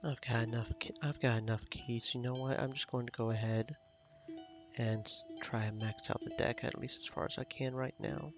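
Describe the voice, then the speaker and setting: Gravelly man streaming a game. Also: medium pitch, steady tone, moderate pace, music in the background. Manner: thinking aloud, rambling. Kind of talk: casual let's play commentary.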